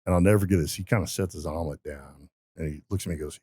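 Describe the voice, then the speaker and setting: A man's voice: deep voice, very fast, few pauses, dark tone, slightly rough, no echo, clean studio sound. A man telling stories in a casual podcast conversation, emphatic and motivational. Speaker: podcast guest.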